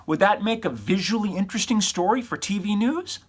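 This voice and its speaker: Over-animated man lecturing with a lively voice. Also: high-pitched, brisk, slightly rough. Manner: over-animated, breaks into exaggerated silly voices; emphatic and teasing, with rhetorical questions. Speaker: college communications professor. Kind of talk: recorded feedback lecture to students.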